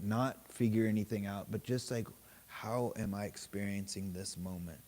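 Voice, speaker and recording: A man leading a meditation group, telling a story in a relaxed, casual way, swearing freely and laughing often. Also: lowish voice. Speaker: meditation teacher. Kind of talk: casual dharma talk.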